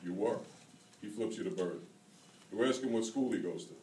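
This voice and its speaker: A man reading aloud from his own second-person memoir novel at a graduate reading, in a steady, measured way. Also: lowish voice, a little hiss or hum. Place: reading event hall. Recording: roomy hall, taken from far off.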